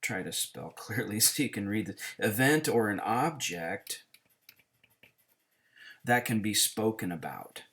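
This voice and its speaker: A man with a very deep voice gives an informal Greek lesson. He talks in a halting way, full of fillers and restarts, as if thinking aloud. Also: animated, fairly bright tone. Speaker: Greek teacher. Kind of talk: casual teaching with a whiteboard.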